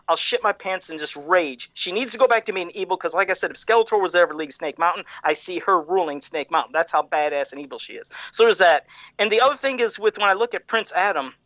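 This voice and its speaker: A man co-hosting a podcast in casual chat, animated and profane, laughing often. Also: high-pitched, dry recording. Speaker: podcast co-host.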